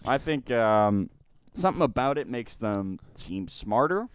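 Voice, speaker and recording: Young male co-host, smooth clear voice, laid-back and joking. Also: mid-range voice, very animated, unhurried, no room sound. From Canada. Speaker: podcast co-host. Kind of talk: casual chat.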